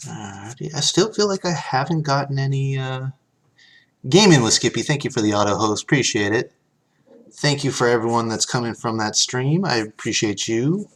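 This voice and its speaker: A man's voice: medium pitch, expressive, normal speed, a bit bright. Chatty man streaming pack openings. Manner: chatty, reads card text aloud, thanks viewers, laughs easily. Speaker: streamer opening card packs. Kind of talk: casual live-stream chat.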